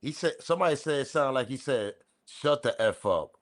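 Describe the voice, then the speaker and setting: A man hosting a commentary channel, talking in a casual, slangy, animated way and repeating his points. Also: mid-range voice, fairly quick. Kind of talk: casual commentary on audio clip.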